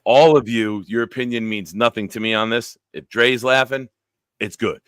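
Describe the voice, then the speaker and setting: A man's voice: medium pitch, moderate pace, clean tone, dry recording. A man hosting a casual sports talk stream over a video call, joking and telling stories. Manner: joking, animated storyteller. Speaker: podcast host. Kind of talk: casual chat, storytelling.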